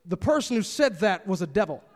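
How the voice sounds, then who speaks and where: A man with a very high voice preaching a sermon, leaning hard on his points and breaking into plain, conversational asides. His voice carries a long reverb, as if filling a big hall. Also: sing-song, fairly quick. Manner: emphatic, reads and comments on scripture, plain and conversational.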